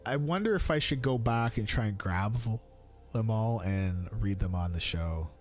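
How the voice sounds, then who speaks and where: An animated man in his thirties chats casually on a live stream at normal speed, with faint music in the background. He rambles, using fillers and restarting sentences. When he quotes his young son, he switches to a high, squeaky voice.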